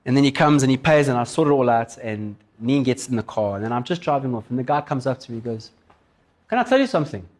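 A man, a pastor, races through an animated storytelling sermon at medium pitch with hardly any pauses, voicing the people in his tales as he goes.

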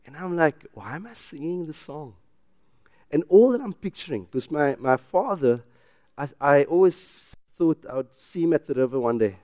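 A man with a South African English accent preaching a sermon in church, swinging from loud emphatic declarations to quiet personal storytelling. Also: on the high side, animated, normal speed, dry recording, clean studio sound. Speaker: pastor.

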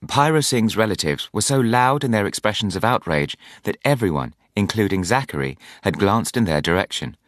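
A man reading a novel aloud as audiobook narrator, in a measured storytelling manner. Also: fairly low pitch, animated, fairly bright tone, no room sound, clean studio sound. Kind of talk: scripted narration.

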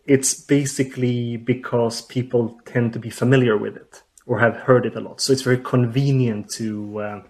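Male researcher, guest, halting, lots of uh's, mid-pitched voice. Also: steady tone, darkish tone. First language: Swedish. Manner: hesitant, many uh fillers and restarts. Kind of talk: explaining in an interview.

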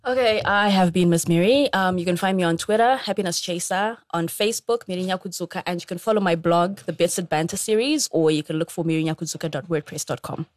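A woman's voice: on the low side, fast, hardly any pauses, no room sound, studio quality. A woman from Zimbabwe, a podcast guest, giving her social media handles in a matter-of-fact way. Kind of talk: casual chat.

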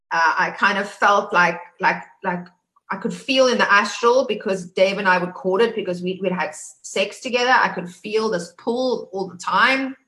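A woman's voice: medium pitch, sharp tone. A woman from Africa, telling her own story as a survivor, emphatic and full of restarts. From South Africa. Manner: emphatic, repeats words, many restarts. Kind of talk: personal testimony. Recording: roomy echo.

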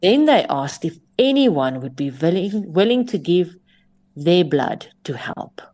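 A woman's voice: fairly low pitch, sing-song, measured pace, mellow. A woman, telling a story in a sermon and at times dropping her voice to a near whisper. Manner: switches between English and Afrikaans phrases. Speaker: preacher.

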